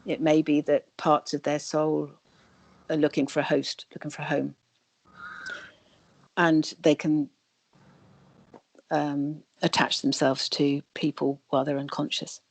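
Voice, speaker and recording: A woman guest on a video call interview, calmly explaining energy healing. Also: low-pitched, a little slow, pauses often, no room sound. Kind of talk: interview answers.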